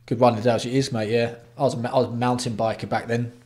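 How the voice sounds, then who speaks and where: An Englishman hosting a casual livestream, talking bluntly and swearing freely as he greets his viewers by name. His voice sits at an ordinary middle pitch for a man. He banters loosely with the chat between topics. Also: flat delivery, quick pace, darkish tone. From England. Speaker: livestream host.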